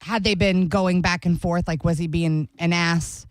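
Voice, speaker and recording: A woman's voice: on the low side, fairly even intonation, measured pace, no room sound. A woman co-hosting a radio talk show, speaking frankly and emphatically in casual chat. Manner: frank, emphatic, asks questions back.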